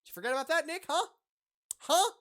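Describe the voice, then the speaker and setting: A woman voicing an excitable, dramatic young female sidekick in a game read-along, shrill and indignant. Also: fast talker.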